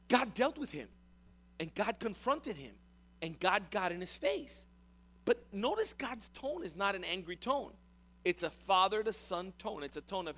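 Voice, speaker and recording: A man preaching a sermon as pastor, animated and conversational, often repeating words and speaking directly to the congregation. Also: high voice, unhurried.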